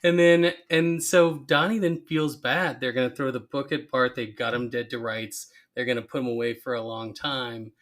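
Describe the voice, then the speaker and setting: A man's voice: mid-range voice, moderate pace, hardly any pauses. A man co-hosting a podcast, casually recapping a cartoon episode and acting out quoted lines. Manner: animated retelling with quoted lines. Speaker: podcast co-host.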